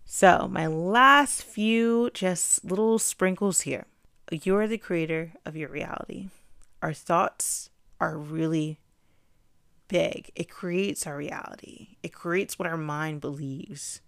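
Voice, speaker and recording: Young female podcast host, earnest and encouraging, repeats key points, low and smooth. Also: takes it slowly, fairly bright tone, dry recording, clean studio sound. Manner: earnest and conversational. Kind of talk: self-help talk.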